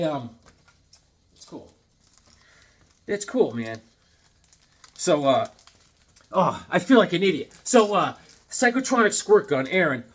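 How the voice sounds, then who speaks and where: Lively, husky-voiced man rambling excitedly. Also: a little high. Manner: animated and excitable, self-deprecating, rambling asides. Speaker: comic collector showing his collection. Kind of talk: casual show-and-tell vlog.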